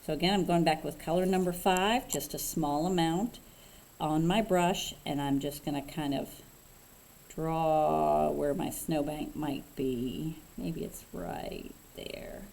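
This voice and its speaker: Low-voiced woman teaching a painting craft. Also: gravelly, poor audio. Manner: relaxed, unhurried, thinking aloud with fillers. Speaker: craft instructor. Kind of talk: step-by-step painting tutorial.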